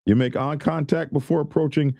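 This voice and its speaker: A man's voice: on the high side, fairly even intonation, brisk, vocal fry, mellow, no echo. A man hosting a show, giving rambling casual commentary and reading viewer comments aloud. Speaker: host.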